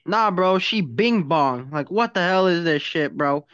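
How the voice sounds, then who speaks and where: A man's voice: high-pitched, animated, unhurried, a bit bright, clear, resonant tone, lo-fi sound. A young man giving profane, incredulous roast commentary on a cartoon.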